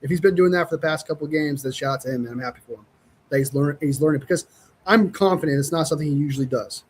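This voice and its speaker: Laid-back man, slightly high voice. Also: racing, slight background noise. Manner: laid-back, chuckling, says "dude" often. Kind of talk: casual sports podcast chat.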